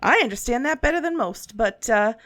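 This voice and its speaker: A woman plays a shady, folksy male handyman and tinkerer who is friendly but cagey, drawling in a put-on Southern voice and stumbling over his words in a roundabout way. Beneath the act her voice is fairly high, a bit bright, expressive and a little fast. The sound is close and dry, with no room sound.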